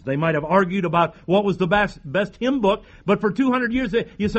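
High-voiced man preaching emphatically. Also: animated, a little fast, hardly any pauses, husky. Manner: emphatic preaching with repeated phrases and rhetorical questions. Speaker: pastor. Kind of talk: sermon.

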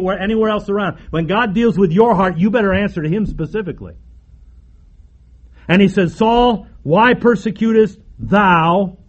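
A man preaching a sermon emphatically, with repeated phrases and dramatic pauses. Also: sits high, dull audio.

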